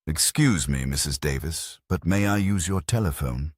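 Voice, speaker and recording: A man's voice: very deep voice, normal speed, no room sound, studio quality. A man voicing a stiff, clipped army major in a read-aloud mystery, with a short staccato delivery.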